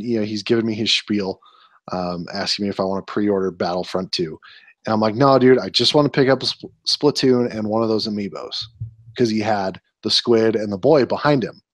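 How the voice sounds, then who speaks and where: A man's voice: lowish voice, no echo. A man in his twenties co-hosting a casual podcast, telling annoyed stories with an exasperated, ranting manner. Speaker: podcast co-host.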